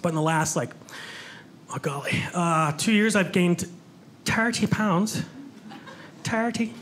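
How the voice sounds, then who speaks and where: On a comedy club stage before a live audience, a man with a slightly high, fairly bright voice performs stand-up at normal speed. He's chatty and self-mocking, talking with the crowd, and the live club recording picks up audience noise.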